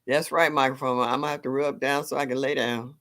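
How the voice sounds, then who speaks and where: A woman's voice: rumbling low, steady tone, fast, fairly bright tone. An older woman hosting a live stream, chatting casually and exclaiming often, with frequent laughs. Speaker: livestream host.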